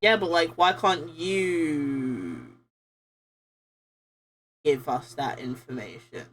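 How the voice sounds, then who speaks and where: A woman's voice: low voice, extremely slow, fairly bright tone, a little hiss or hum. A woman streamer making casual, chatty, giggly asides between game lines.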